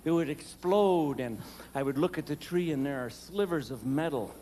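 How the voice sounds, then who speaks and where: A middle-aged man doing stand-up comedy, telling animated stories with panicked shrieks and gruff character voices. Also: a little high, normal speed. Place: large theater with a live audience. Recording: live stage recording with long reverb and audience noise.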